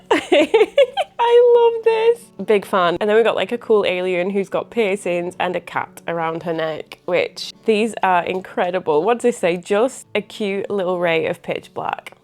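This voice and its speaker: A woman chatting excitedly to camera in a casual vlog, often laughing and gasping as she talks. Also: fairly low pitch, normal speed, hardly any pauses, faint music behind. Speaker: small business owner and vlogger.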